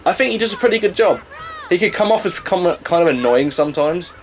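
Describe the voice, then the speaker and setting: A man doing casual let's-play commentary, chatty and rambling, often pausing to search for words. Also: high voice, lively intonation, soft background music. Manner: chatty, rambling, hesitant with ums and restarts. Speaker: co-host.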